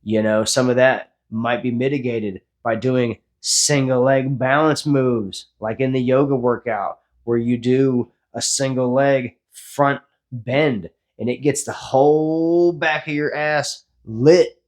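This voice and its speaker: A man's voice: medium pitch, fairly even intonation, slow. A man in his forties giving a blunt, profane motivational talk after a workout, speaking as a fitness vlogger. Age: 40s.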